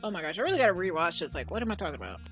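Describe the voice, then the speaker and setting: A woman's voice: lowish voice, rapid-fire. Woman doing a chatty reaction video, lots of "like", faint music under her. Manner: chatty, animated, lots of "like" and "oh my gosh". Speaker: video commentator. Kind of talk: casual reaction commentary.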